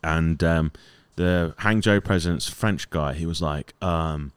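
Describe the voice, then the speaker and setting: A man's voice: a bass voice, measured pace, clear, resonant tone, no echo. A man telling a rambling story in casual chat among friends, laughing often and swearing freely. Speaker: podcast guest telling a story.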